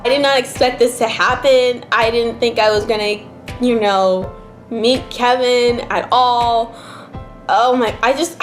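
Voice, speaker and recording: A young woman from New Jersey chatting casually as a vlogger, rambling and emotional, filling her talk with "like". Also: fairly high pitch. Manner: rambling, emotional, heavy use of "like". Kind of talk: casual chat. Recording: roomy echo, faint background music. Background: faint background music.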